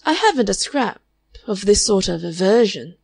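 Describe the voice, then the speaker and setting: A woman's voice: mid-range voice, sing-song, normal speed, gravelly, darkish tone, breathy edge, no echo, clean studio sound, exaggerated voice. A woman reading an audiobook, voicing a frank, curious young woman who asks probing questions thoughtfully. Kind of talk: audiobook character voice.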